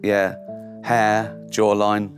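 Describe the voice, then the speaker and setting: A man's voice: fairly low pitch, level tone, very slow. Guy, middle-aged, chatty storyteller doing little voices for people, faint music behind. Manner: anecdotal, mimics others in quoted voices, laughs often. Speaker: comedian guest. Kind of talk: casual storytelling chat.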